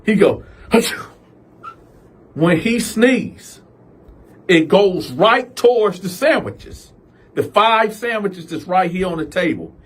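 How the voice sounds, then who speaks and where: Husky, animated male storyteller. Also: high-pitched, slow pace. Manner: animated, slangy, acts out the characters. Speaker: storyteller host. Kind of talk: casual storytime narration.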